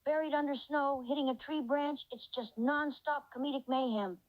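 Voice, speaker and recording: A woman's voice: high voice, fairly even intonation, moderate pace, dry recording, narrow, tinny audio, natural voice. A woman's synthetic voice playing a cheerful reindeer companion in an AI chat role-play, effusive and full of praise. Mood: amused. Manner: effusive, reads out its own laughter cues.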